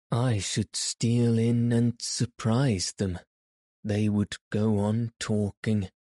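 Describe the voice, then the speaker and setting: A man voicing a kind, timid young girl in a storybook reading, gentle and eager. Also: on the low side, no echo, clean studio sound.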